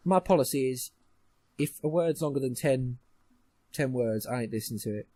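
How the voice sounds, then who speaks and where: A man's voice: mid-range voice, moderate pace, mellow, dry recording. A young man co-hosting a podcast, ranting and mocking in casual chat, swearing often. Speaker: podcast co-host.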